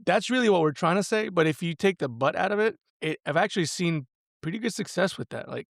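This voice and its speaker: A man's voice: high voice, expressive, quick pace, gravelly, no room sound, studio quality. A man in his forties, a podcast guest talking earnestly and casually about raising daughters, with lots of "like" and "right?". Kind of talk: casual conversation.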